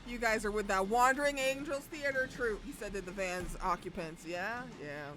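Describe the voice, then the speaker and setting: A young woman streaming a visual novel, reading the text aloud and breaking into loud, sweary outbursts. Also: medium pitch, normal speed, noisy background. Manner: loud, excitable outbursts and swearing between calm narration.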